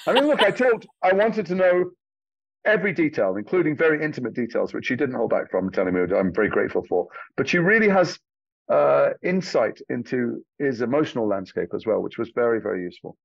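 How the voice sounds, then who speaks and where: A man's mid-range, gravelly voice swings widely in pitch and moves a little fast as he tells stories with gusto. He's an actor from England, speaking with a Liverpool and London accent, swearing casually as an interview guest. The audio sounds dull and has no echo.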